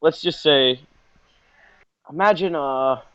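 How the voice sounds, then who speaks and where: A man's voice: on the high side, slow pace, a bit bright, smooth, no echo, muffled recording. Rambling profane man telling a story. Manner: rambling, profane, full of fillers. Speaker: podcast host. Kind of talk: casual comedic storytelling.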